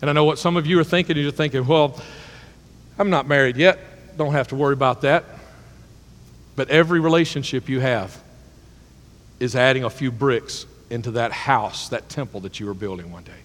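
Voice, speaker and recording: A man's voice: mid-range voice, moderate pace, long pauses. Man preaching in an echoing hall. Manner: swings from hushed to loud, excited emphasis; repeats words and restarts phrases. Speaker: pastor. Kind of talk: sermon. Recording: long hall reverb.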